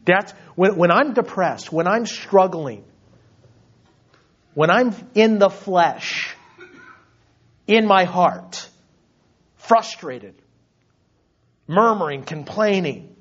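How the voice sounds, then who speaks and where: Guy preaching slow, kinda husky and a bit high, dull lo-fi sound. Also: expressive. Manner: preaching with mock voices of complaining believers. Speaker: pastor. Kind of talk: sermon.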